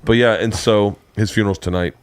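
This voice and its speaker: A man hosting a podcast, telling stories in an animated way and laughing often. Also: fairly low pitch, brisk, smooth. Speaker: podcast host. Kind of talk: casual podcast chat.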